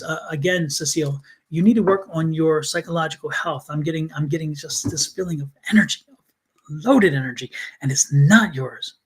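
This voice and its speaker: A man's voice: fairly high pitch, slight background noise. A man giving live tarot readings on a stream, speaking earnestly and repeating himself as he calls on viewers by name. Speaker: tarot reader.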